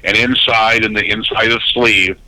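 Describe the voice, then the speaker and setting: A man's voice: on the low side, moderate pace, no room sound, poor audio. A man, a radio announcer telling stories as a guest and acting out the people he quotes. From Canada. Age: 50s. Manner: animated storyteller who acts out quoted voices. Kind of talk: casual storytelling interview.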